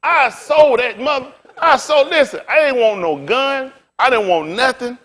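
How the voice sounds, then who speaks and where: A middle-aged man, a pastor, preaching through a street story with animated, laughing bursts and loud exclaims. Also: extremely high pitch, normal speed.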